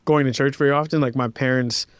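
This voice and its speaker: A man's voice: mid-range voice, fairly even intonation, fast talker, music in the background. A man in his thirties, a composer and pianist being interviewed, telling stories in a casual, reflective way and filling his speech with "like". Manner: casual, reflective, many "like" fillers, acts out quoted voices. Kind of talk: relaxed interview storytelling.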